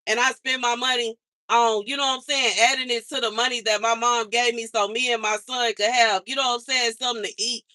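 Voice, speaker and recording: A woman venting to her livestream viewers in a loose, slangy rant, circling back to how tired and fed up she is. Her voice is bright and sharp-edged, and it sits dry and close with no room sound around it. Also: on the high side, steady tone, fairly quick, no echo. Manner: exasperated venting, repeats herself, slangy.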